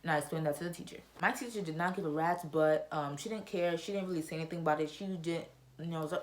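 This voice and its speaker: A teenage girl telling a storytime to camera in a chatty, animated, slangy way. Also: deep voice, quick pace. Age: teens. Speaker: YouTuber. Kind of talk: casual storytime vlog.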